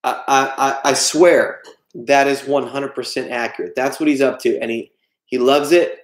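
A man's voice: medium pitch, steady tone, moderate pace. Jokey man chatting on a livestream. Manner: jokey, self-deprecating, reads chat aloud. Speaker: livestream host. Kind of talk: casual livestream chat. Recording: echoey room.

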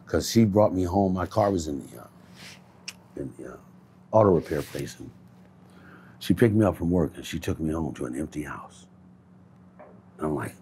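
A man in a candid street interview, speaking in a low-key, reflective way and swearing freely. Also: sing-song, a little fast, long pauses, dark tone, a little hiss or hum.

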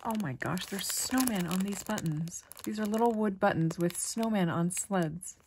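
A woman chatting casually as she unboxes a package of craft supplies, gushing with delight and often dropping to a soft whisper. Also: mid-range voice, moderate pace, slight background noise. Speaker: crafting vlogger.

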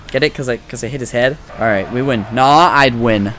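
A young man giving casual, profane let's-play commentary, excitable and trash-talking the game as he plays. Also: medium pitch, brisk, soft background music. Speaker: gaming commentator.

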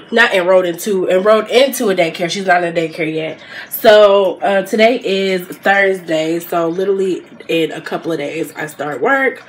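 A woman's voice: fairly low pitch, a little hiss or hum. A young woman, a new mother, chatting casually to her vlog camera while she has a cold. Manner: chatty, addresses viewers as y'all.

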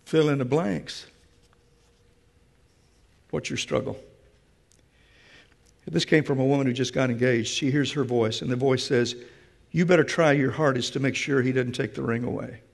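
A man delivers an emphatic sermon directly to the congregation in a church sanctuary, his mid-range voice creaky and paced at normal speed, with frequent pauses. A long church-hall reverb colors the recording.

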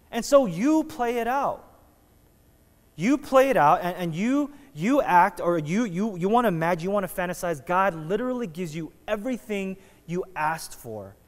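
Joking pastor preaching in a reverberant hall. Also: male voice, sits high. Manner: casual, joking, conversational preaching with frequent restarts. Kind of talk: sermon. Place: church sanctuary. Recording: long reverb of a church hall.

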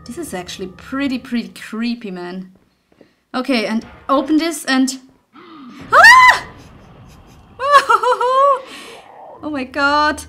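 A woman's voice: sits high, moderate pace, noisy background. A young woman commenting on a horror game as she plays, easily startled, swearing and laughing nervously. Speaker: gaming channel host. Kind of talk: let's play commentary.

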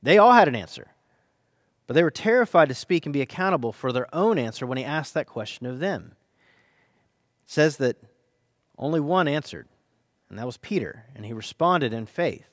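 A man preaching a sermon as pastor, reading scripture dramatically with earnest, hushed and emphatic turns. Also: fairly high pitch, animated, normal speed, pauses often, no echo, studio quality.

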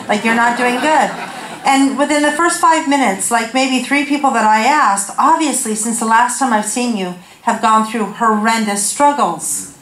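High-voiced woman preaching in an echoey church. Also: normal speed, a bit bright. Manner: candid, self-deprecating storytelling with laughs. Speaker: guest speaker. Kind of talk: humorous sermon. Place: church sanctuary. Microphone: handheld corded mic.

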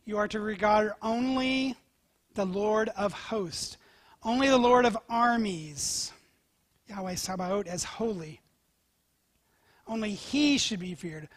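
A male pastor preaching a sermon, telling scripture stories with animated swings from loud to whispered. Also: sits high, takes it slowly, pauses often, no echo. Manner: animated storytelling, dropping to near-whispers.

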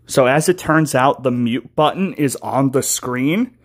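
A man's voice: medium pitch, measured pace. A man streaming live from his phone, rambling and teasing his chat in a goofy, playful way. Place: car, then home.

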